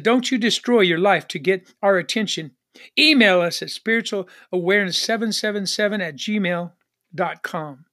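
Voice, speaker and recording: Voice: mid-range voice, a bit bright. A pastor delivering a broadcast sermon, repeating refrains and calling for an amen. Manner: repetitive preaching refrains, calls for amen. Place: Northern Arizona church ministry.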